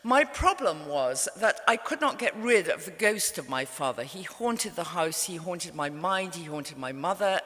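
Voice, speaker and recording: A woman's voice: fairly low pitch, expressive, measured pace, hardly any pauses, fairly bright tone. A middle-aged English woman, an author, telling a story to a live audience in a wry, understated way. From England. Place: event hall. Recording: reverberant live venue.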